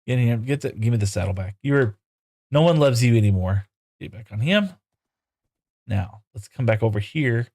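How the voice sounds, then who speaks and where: A man's voice: medium pitch, moderate pace, a little mellow, slightly rough. Guy streaming a game, rambling to chat and sweet-talking his horses. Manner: rambling, talks to viewers and to game horses in broken baby talk. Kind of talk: casual live game commentary.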